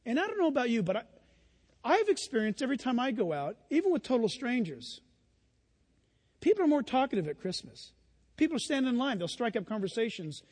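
A man's voice: very high-pitched, sing-song, fairly quick, darkish tone, in a large hall. A male pastor preaching a sermon in a church, telling stories and asking the congregation questions. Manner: conversational storytelling, rhetorical questions to the congregation.

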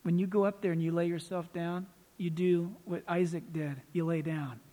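A male pastor preaching a sermon in a lively storytelling manner, acting out the people he quotes. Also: fairly high pitch, moderate pace. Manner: animated storytelling, acts out quoted voices. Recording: long hall reverb.

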